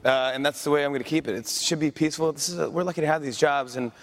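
Chatty man with a fairly high voice. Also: rapid-fire. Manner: chatty, laughs often, restarts sentences. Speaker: late-night talk show host answering audience questions. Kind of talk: casual live Q&A on stage. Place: live event with audience.

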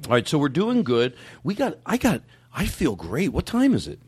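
A man's voice: a little high, wildly swooping pitch, normal speed, husky, no room sound. A man hosting a comedy podcast, rambling and playful in casual chat. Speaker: podcast host.

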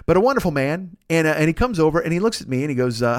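A man's voice: a little high, racing, hardly any pauses, no echo, clean studio sound. A man telling a long comic story, swearing freely and acting out every voice in the exchange. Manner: animated, swearing, acts out both sides of the dialogue. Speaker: podcast host.

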